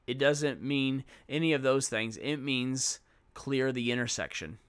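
A man's voice: medium pitch, measured pace, a bit bright, clean tone. A middle-aged man sharing classroom management tips for teaching children, talking casually and walking through examples. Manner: conversational, explains with examples and acts out classroom exchanges.

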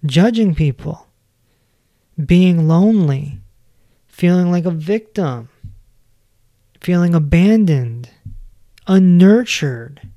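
A man in his forties gives a reflective self-help talk as a podcast host, speaking in a gentle, earnest way. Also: fairly high pitch, animated, slow pace, pauses often, no echo, clean studio sound. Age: 40s.

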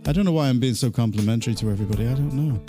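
A man's voice: medium pitch, racing, music in the background. A man hosting a casual chat show, joking, teasing the others and laughing often. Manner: jokey, laughs a lot, teasing. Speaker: show host. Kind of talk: casual chat, leading a segment.

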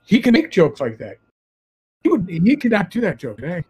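A man tells stories in a casual podcast chat. He is animated and slips into put-on voices for the people in his tales. His voice sits fairly high for a man. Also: fairly quick, breathy edge. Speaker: podcast co-host, former police officer.

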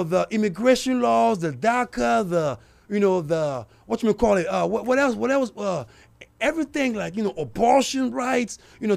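High-voiced, gravelly ranting show host. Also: male voice, darkish tone. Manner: heated and emphatic, addressing listeners directly. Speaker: radio talk show host. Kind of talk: political commentary monologue.

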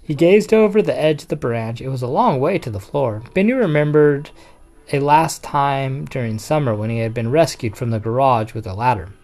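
Steady children's storybook reader. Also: medium pitch, normal speed. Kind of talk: reading a children's picture book aloud.

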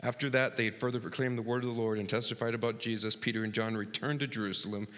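A man in his thirties preaching a sermon as pastor, earnest, dropping to a hush and then rising loud and excited. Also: mid-range voice, quick pace. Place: church sanctuary. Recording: long hall reverb.

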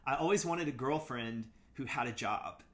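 A man's voice: mid-range voice, animated, moderate pace, crowd noise. A man speaking as an interview guest, recounting his past in a reflective, casual way, hesitant and full of "like" and "you know", with frequent restarts. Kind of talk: reflective storytelling in casual conversation.

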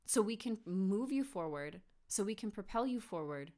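A woman's voice: medium pitch, animated, normal speed, a little mellow. A woman hosting a solo motivational podcast from her home office, speaking earnestly and encouragingly, with many rhetorical questions. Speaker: podcast host.

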